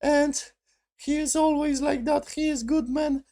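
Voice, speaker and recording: A man putting on a shrill, squeaky voice to mock a smug woman villain. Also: fairly even intonation, measured pace, gravelly, warm tone, heavily acted. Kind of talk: mocking impression in a review.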